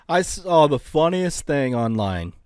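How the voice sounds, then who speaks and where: A man co-hosting a podcast who rambles through stories and laughs easily. His voice is middle in pitch, with lively rises and falls. The sound is dry and close. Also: slow, no echo. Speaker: podcast co-host. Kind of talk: casual comedic banter.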